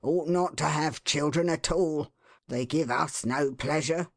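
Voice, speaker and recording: A woman voicing a middle-aged working-class husband in an audiobook, slow and muttering. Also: low voice, no echo, studio quality. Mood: bitter. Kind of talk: audiobook character voice.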